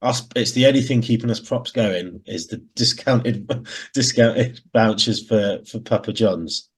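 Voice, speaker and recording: Husky, jokey Midlands podcast man. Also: on the low side, unhurried. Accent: English Midlands. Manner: jokey, banter-filled, laughs often. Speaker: podcast co-host. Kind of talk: casual chat.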